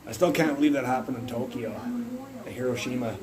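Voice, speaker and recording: A young man streams live from his phone, his medium-pitched voice brisk against a noisy background. He rambles casually, swears bluntly, and often starts his sentences over.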